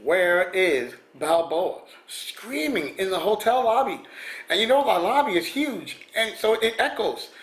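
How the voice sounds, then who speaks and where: A man's voice: high voice, lively intonation, normal speed, fairly bright tone. Man rambling through stories in an echoey room. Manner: rambling, with frequent restarts and chuckles. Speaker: vlogger. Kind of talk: casual storytelling.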